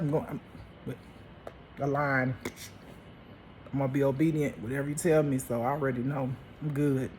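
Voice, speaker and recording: A woman's voice: very deep voice, level tone, moderate pace, pauses often, a little mellow, slight background noise. A woman giving a casual spiritual monologue as a life teacher, emphatic and chatty, laughing often and calling her listeners honey and baby. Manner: uses endearments like honey and baby.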